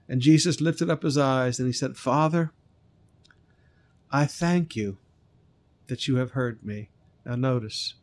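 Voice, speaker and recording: A pastor with a slightly high, darkish voice delivers a sermon, retelling a scripture story. He stresses key lines with mounting emphasis and now and then sings a short phrase.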